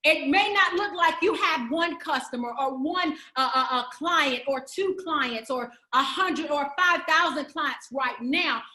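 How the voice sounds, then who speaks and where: A woman's voice: high-pitched, a little slow, few pauses, pushed and bright, roomy sound. A woman giving a motivational speech to entrepreneurs, preacherly and emphatic, building through repeated phrases. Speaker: summit speaker.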